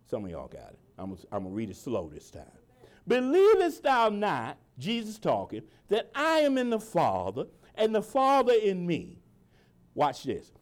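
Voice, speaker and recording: A pastor preaching a sermon to his congregation, quoting scripture in old-fashioned wording and speaking informally, asking for agreement and slowing down to drive key lines home. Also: high-pitched, wildly swooping pitch. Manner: preaching with a call-and-response cadence, slowing to stress lines.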